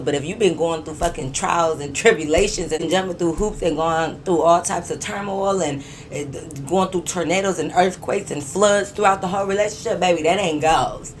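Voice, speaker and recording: A young woman, telling a story to viewers in an animated, emphatic, profane way and laughing often. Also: deep voice, a little hiss or hum. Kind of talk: casual storytime vlog.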